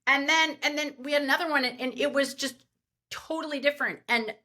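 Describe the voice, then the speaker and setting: A woman event planner telling party stories as a podcast guest, animated and rambling with lots of fillers. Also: high-pitched, fairly quick. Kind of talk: podcast interview storytelling.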